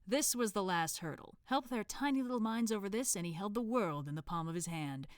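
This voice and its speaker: A woman reading a novel aloud on a stream, relaxed and amused, on a close home mic. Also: mid-range voice, a little fast, no room sound.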